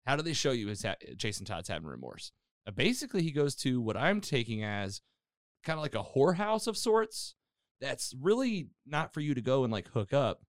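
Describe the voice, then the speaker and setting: A medium-pitched man talks a little fast as he hosts a casual podcast chat, recapping a TV episode. His telling is animated, full of fillers and acted-out quotes, and the studio-quality recording has no room sound.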